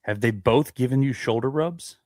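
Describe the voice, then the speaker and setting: A man's voice: mid-range voice, moderate pace, a little mellow, no room sound, clean studio sound. A man in his thirties telling a rambling story in casual podcast chat, restarting his sentences. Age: 30s. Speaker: podcast co-host.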